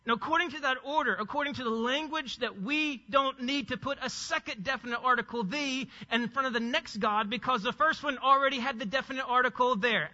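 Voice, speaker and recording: A man preaching a sermon as pastor, explaining a point with emphatic stresses and sudden low asides. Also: quick pace, hardly any pauses. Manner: emphatic teaching, swinging between loud stresses and low asides. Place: church sanctuary. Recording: long hall reverb, dull sound.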